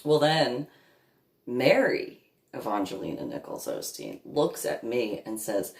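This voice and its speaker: A woman's voice: a bass voice, very animated, measured pace, vocal fry, echoey room. A woman telling a long personal story in a rambling, casual way, laughing along and acting out what others said. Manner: laughs at her own story, acts out others' voices.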